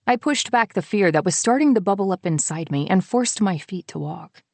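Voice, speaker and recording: A woman narrating an audiobook in the first person, soft and intimate, on a close studio mic. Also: medium pitch, dry recording.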